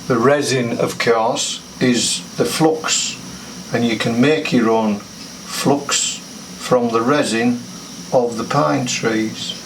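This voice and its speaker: A man's voice: mid-range voice, fairly even intonation, slow. An older man demonstrating antenna building and soldering, chatting and thinking aloud as he works. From United Kingdom. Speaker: amateur radio hobbyist. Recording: distant mic with clear background noise.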